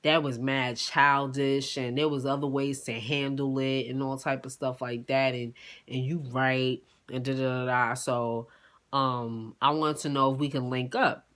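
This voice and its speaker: A woman voicing a defensive young street guy who mumbles low when he pleads. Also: fairly even intonation, slow, fairly bright tone. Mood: pleading.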